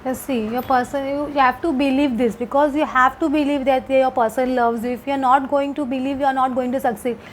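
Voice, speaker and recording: A woman with a high, light voice reads tarot cards to the viewer in a casual, hesitant way. She circles back on her points, repeating phrases and filling pauses. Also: fairly even intonation, a little hiss or hum, poor audio. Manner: hesitant, repetitive, many fillers. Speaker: tarot reader. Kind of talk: casual tarot card reading to camera.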